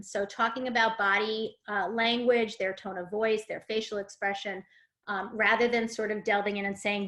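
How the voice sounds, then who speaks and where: A woman's voice: mid-range voice, little pitch movement, a little fast, fairly bright tone. Woman presenting a parenting webinar. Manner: explanatory, with fillers and acted-out example phrases. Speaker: parent coach.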